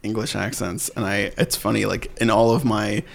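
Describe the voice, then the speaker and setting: A man's voice: on the low side, level tone, normal speed, creaky. A man co-hosting a podcast, chatting casually in a playful, joking way that trails off mid-sentence. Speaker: podcast co-host. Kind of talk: casual chat. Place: Glendale, California.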